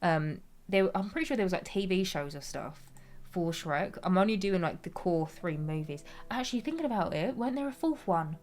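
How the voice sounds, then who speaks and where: A woman's voice: lowish voice, expressive, fairly quick, a little mellow. Chatty woman streamer, giggly. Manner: chatty, giggly, reads chat aloud. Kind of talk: casual livestream chat.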